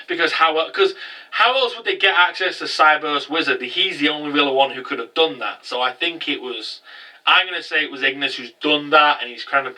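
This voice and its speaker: A man giving a casual, rambling recap of an anime episode, breaking into loud incredulous outbursts. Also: fairly high pitch, recorded from a distance, low-quality recording. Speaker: anime reviewer.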